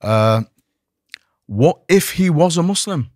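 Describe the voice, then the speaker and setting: A man's voice: on the high side, slow pace, no room sound, clean studio sound. A man, an imam, speaking earnestly as a podcast guest, often repeating words as he restarts his sentences. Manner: animated, many repeated restarts. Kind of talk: earnest conversational discussion.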